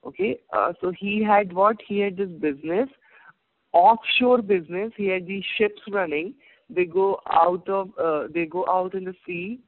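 A man's voice: sits high, normal speed, dry recording. A man telling a moral story as a motivational talk, often checking in with "okay?", heard over a tinny phone-like line.

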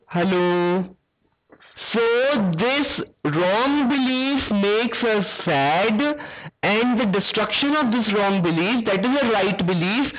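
Woman, class teacher, frequent quiz questions, dull lo-fi call audio. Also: medium pitch. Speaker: religious teacher. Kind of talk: online class for children.

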